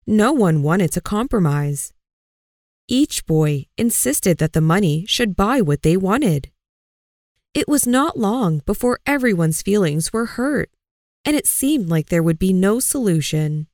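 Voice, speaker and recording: Slow expressive woman storyteller. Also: mid-range voice, dry recording, clean studio sound. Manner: slow, expressive, clearly paced. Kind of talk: storybook narration.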